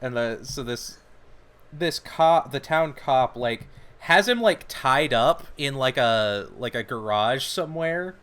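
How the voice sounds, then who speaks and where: A man's voice: mid-range voice, lively intonation, slow, fairly bright tone, smooth. A man co-hosting a podcast, casually recapping a film's plot in a rambling way with lots of filler words. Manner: rambling, many "like" fillers, retells scenes. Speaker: podcast co-host. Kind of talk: casual movie recap chat. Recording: audio-only podcast.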